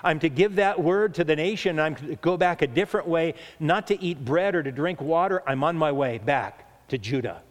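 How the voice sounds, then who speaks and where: A preacher voicing a firm young prophet. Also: male voice, fairly high pitch, moderate pace, hardly any pauses, natural voice. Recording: echoey hall reverb.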